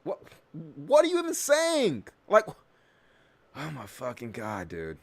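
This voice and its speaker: A male host giving profane, sarcastic political commentary, swinging between mutters and yells. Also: on the high side, huge pitch swings, slow pace, gravelly.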